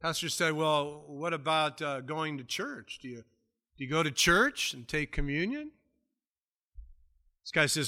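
A bright, slightly high male voice preaching an expository sermon. He talks conversationally, acting out everyday scenes, and swings between hushed murmured asides and raised, emphatic peaks. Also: animated, moderate pace. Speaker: pastor.

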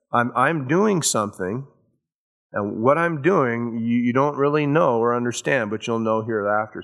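A man's voice: medium pitch, fairly bright tone. A man preaching a verse-by-verse sermon, earnest, rising and falling in volume and acting out quotes in casual modern words. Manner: slow, earnest preaching that rises and drops in volume. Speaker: pastor. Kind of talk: sermon, verse-by-verse Bible teaching.

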